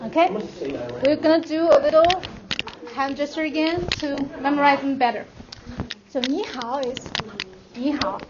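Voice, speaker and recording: High-voiced woman teaching a class. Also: fairly even intonation, moderate pace, long pauses. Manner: patient, modeling words for repetition. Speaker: Chinese language teacher. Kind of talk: classroom language lesson. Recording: dull audio, noisy classroom.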